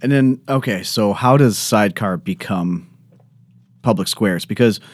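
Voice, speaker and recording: A man's voice: on the low side, a little slow, no room sound, clean studio sound. A man hosting a casual podcast interview, asking questions and adding short agreements. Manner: brief affirming interjections and questions. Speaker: podcast host.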